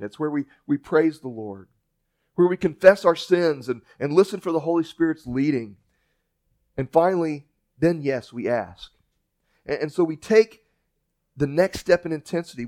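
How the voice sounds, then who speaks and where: Male pastor, folksy sermon delivery, somewhat high voice, conversational restarts. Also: a little mellow. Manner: folksy storytelling preacher with restarts.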